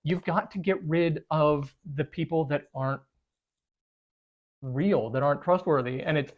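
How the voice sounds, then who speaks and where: Middle-pitched voice, thoughtful, halting, casual bible discussion, slightly dull recording. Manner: thoughtful, halting, searches for words. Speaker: bible study co-host.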